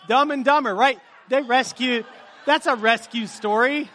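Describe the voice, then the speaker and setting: A high-pitched man with a bright, forceful voice opens a sermon for a live congregation. He talks in a chatty, joking way and quizzes the crowd with energy. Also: sing-song, a little slow. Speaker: pastor. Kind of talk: sermon opening with a movie-quote game. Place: church service before a live congregation.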